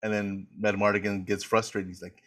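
Lower-voiced male podcast co-host who rambles and laughs through a plot recap, casual and unscripted. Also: little pitch movement, brisk, a bit bright. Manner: rambling retelling, laughing often. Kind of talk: casual rewatch chat.

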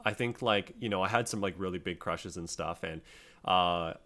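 A man's voice: low-pitched, moderate pace, pushed and bright. A young man co-hosting a podcast, chatting casually and telling a rambling story full of fillers. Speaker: podcast co-host.

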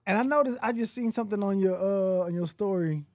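High-voiced man hosting a casual chat. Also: a little fast, no room sound, clean studio sound. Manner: relaxed, slangy, laughs easily. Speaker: podcast host.

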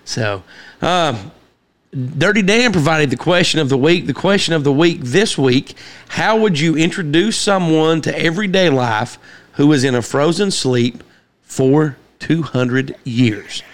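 Male podcast host, slightly high-pitched, loose and meandering, filler-heavy delivery. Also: animated, unhurried. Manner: rambling with many fillers and restarts. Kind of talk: casual chat and show shout-outs.

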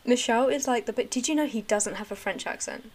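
A woman's voice: fairly high pitch, quick pace. A young woman, chatting casually and enthusiastically, full of "like" fillers. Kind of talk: casual chat.

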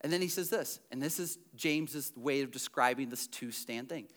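A man preaching a sermon, animated and emphatic, dropping to quiet asides and near-whispers between loud passages. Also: medium pitch, normal speed. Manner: conversational asides with the congregation.

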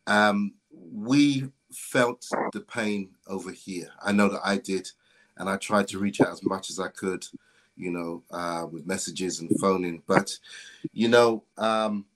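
A man speaking as a guest on a stream, halting and repetitive, with frequent fillers. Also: deep voice, fairly even intonation, fairly bright tone. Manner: halting, with many fillers and repeated words. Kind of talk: casual conversation on a stream.

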